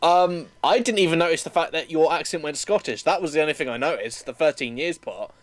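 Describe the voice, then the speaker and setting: A British man in comedic banter, animated and nitpicking the plot holes. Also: on the high side, fairly quick, no echo. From Britain. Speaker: co-host.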